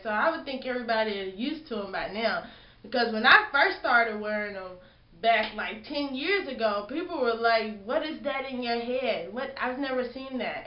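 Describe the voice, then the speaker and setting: A young woman chatting casually in a hair vlog, telling a story and acting out what people said. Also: fairly high pitch. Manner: chatty storytelling, acts out quotes. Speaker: hair vlogger. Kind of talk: casual chat. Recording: roomy lo-fi home video.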